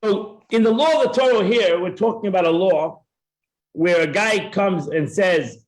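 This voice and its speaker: A man's voice: high-pitched, normal speed. A man teaching a Torah class, acting out both sides of a dispute and often repeating himself as he explains. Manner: repeats words and restarts often. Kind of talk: classroom Talmud lesson.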